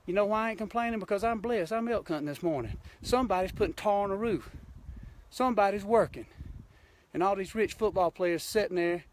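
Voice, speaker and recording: Filming on a handheld phone from a mountain, a Georgia hunting show host with a Southern drawl delivers a blunt, folksy, impassioned rant on a live stream. His voice is high-pitched and fairly quick, with slight background noise.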